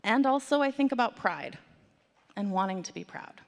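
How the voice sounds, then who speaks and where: A woman telling a story to children and the congregation at a worship service, in an animated, conversational way with playful asides. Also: fairly high pitch, normal speed, vocal fry. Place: church sanctuary. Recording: long hall reverb.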